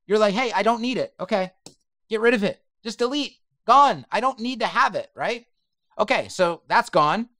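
A man's voice: sits high, expressive, moderate pace, sharp tone, no room sound, studio quality. A man giving a chatty, emphatic screen-share web design tutorial and speaking straight to his viewers.

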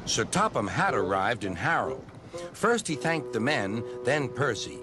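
A man narrating a children's story in an expressive storybook manner. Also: medium pitch, measured pace. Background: music.

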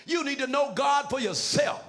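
High, gravelly, shouting preacher man. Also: moderate pace. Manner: shouted, sing-song preaching cadence; folksy, colloquial phrasing. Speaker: senior pastor. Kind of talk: preaching a sermon.

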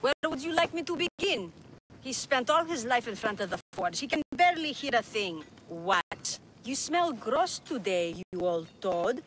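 A woman's voice: fairly high pitch, very animated, normal speed, fairly bright tone, slight background noise. An actress voicing a sarcastic young female apprentice in a video game, teasing and dry.

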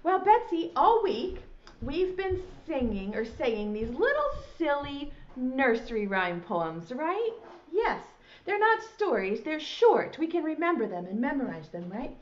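Slow, sing-song woman teaching preschoolers. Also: high-pitched, highs cut off. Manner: slow, sing-song and animated, speaking to small children. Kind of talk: preschool lesson for young children.

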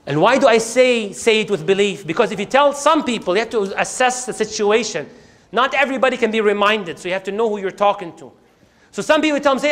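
A man telling a sermon story in animated style, acting out scenes and reciting verses. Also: high-pitched, quick pace. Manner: animated, acts out the scenes, quotes Quranic Arabic. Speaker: Islamic preacher.

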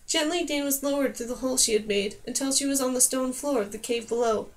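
Brief: woman narrator, high voice, calm storybook reading. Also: fast. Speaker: audiobook narrator. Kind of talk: scripted narration.

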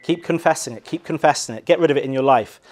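Animated English preacher, higher-voiced man. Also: fast. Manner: animated preaching, swings from loud acted cries to quiet emphasis. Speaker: pastor. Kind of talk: sermon.

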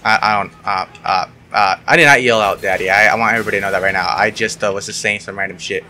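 A young gaming YouTuber gives casual commentary on his online shooter match, sarcastic and swearing often, yelping whenever things go wrong. His voice is on the low side, fast and pushed-bright, with fairly even intonation. There's a little hiss or hum.

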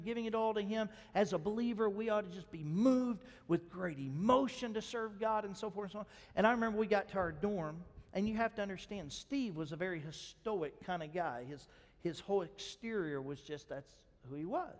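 A male pastor preaching a sermon, moving between quiet storytelling and loud, urgent exhortation and asking the congregation questions. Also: high-pitched. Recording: long hall reverb.

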